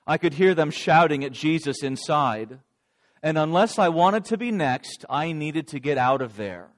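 Brief: a man as a regretful disciple confessing his story, dramatic monologue, a bit higher pitch. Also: expressive, unhurried. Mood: remorseful. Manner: dramatic first-person storytelling. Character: remorseful adult male disciple recounting denial. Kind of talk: first-person dramatic monologue.

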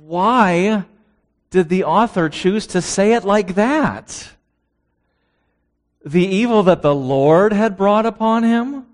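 A man's voice: high voice, animated, slow, long pauses. A man preaching a sermon who reads out scripture verses and asks his listeners rhetorical questions.

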